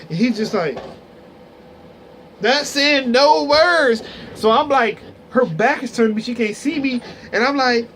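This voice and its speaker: A young man with a notably high voice tells a funny story straight to his camera. He talks casually and animatedly, with loose slang and fillers. Faint room noise sits under the voice. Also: fairly bright tone. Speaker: vlogger. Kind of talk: storytime vlog.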